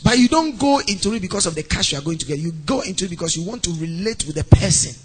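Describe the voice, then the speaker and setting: Ghanaian male pastor with a high, sing-song preaching voice, playfully acting out scenes. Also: fast, husky. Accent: Ghanaian English. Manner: animated, acts out mock phone calls and scenes. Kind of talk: sermon.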